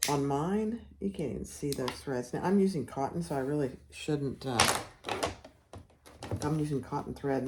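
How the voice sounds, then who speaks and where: Woman, low pitch, slow pace, casual sewing tutorial, chatty, home sewing room, noisy recording. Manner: chatty, self-deprecating, talks while working.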